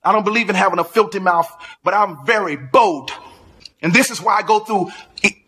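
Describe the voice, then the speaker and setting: A preacher man in a fierce, commanding rant, his voice high and sharply bright. He blusters and orders his listeners around. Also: brisk, slightly rough. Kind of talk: angry live-stream rant.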